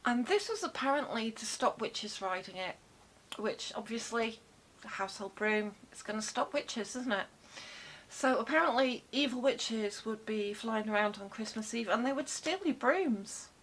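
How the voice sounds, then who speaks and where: A woman's voice: a little high, animated, moderate pace, fairly bright tone, low-quality recording. A woman vlogger telling stories in a casual, rambling way, full of jokey asides and self-corrections. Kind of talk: casual chatty storytelling.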